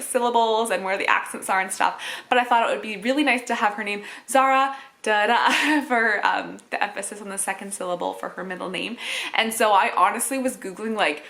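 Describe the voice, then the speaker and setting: A woman speaks in a chatty, casual way to her viewers, her voice clear and bright. She drifts through thoughts with easy fillers and a light, friendly laugh here and there, like a mom talking to camera. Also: medium pitch. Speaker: mom vlogger.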